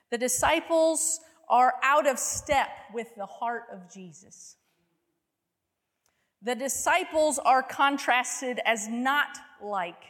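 A woman delivers a sermon at a slow, deliberate pace. Her voice sits a little higher than most. She paints scenes vividly and keeps asking her listeners rhetorical questions, and a long reverb trails behind her words as if she is in a big hall. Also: a bit bright. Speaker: preacher.

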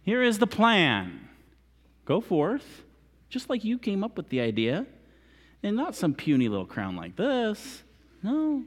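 A man preaching a sermon as a lively storyteller, acting out the characters and coaxing volunteers from the congregation. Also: medium pitch, moderate pace. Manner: animated, acts out characters, coaxes volunteers. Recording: long hall reverb.

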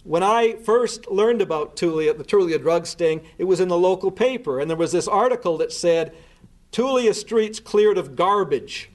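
A man speaks in a noticeably high voice for his sex. He tells a story earnestly in a spoken talk. He lays out events in order and often restarts his words mid-phrase. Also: moderate pace, few pauses, a little mellow. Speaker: speaker recounting a case.

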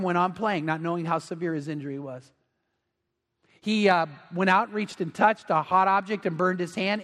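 Middle-aged male pastor, high-pitched and earnest, preaching in a big church with long reverb. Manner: earnest, swells louder on emphatic points. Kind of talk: sermon. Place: large church sanctuary.

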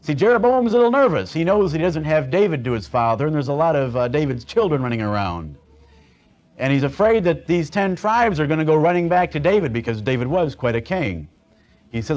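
A man's voice: fairly high pitch, lively intonation, darkish tone. Folksy preacher man, muffled recording. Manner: folksy and conversational, slows down to stress points. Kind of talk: sermon, Bible teaching. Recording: dull lo-fi sound.

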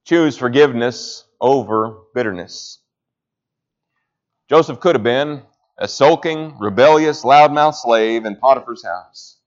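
A man preaching a sermon, rising to loud emphatic peaks and then dropping low. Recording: slightly dull lo-fi sound.

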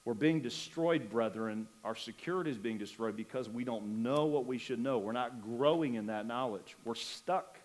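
A man's voice: mid-range voice, normal speed, few pauses, low-quality recording. A man preaches a sermon as pastor, speaking into a microphone in a church. He presses his points with emphatic rising questions and repeated words. Now and then he eases off with a light, joking aside.

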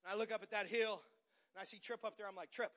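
A middle-aged man preaching a sermon as pastor, moving from quiet talk to shouted, fiery preaching. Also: sits high, steady tone, fast. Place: church sanctuary.

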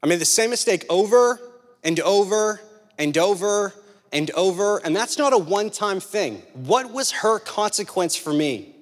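A man's voice: sits high, animated, unhurried. A young adult man preaching a sermon, telling stories conversationally and driving his points home with repetition. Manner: conversational storytelling, emphatic repeated points. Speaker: pastor. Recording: long hall reverb.

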